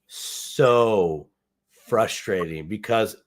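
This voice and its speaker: A man's voice: fairly low pitch, extremely slow. A man co-hosting a casual livestream chat, rambling and joking as he thinks aloud while browsing a website. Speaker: co-host.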